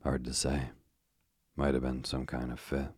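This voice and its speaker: A man reading as a clipped, brisk doctor. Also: extremely low pitch, monotone, slightly rough, no echo, clean studio sound, exaggerated voice. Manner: clipped and matter-of-fact. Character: brisk matter-of-fact male doctor. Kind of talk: sleep story reading.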